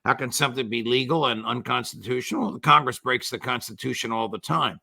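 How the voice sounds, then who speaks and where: An older man, a former judge, giving measured but indignant political commentary with sarcastic asides. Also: medium pitch, gravelly, sharp tone, dry recording.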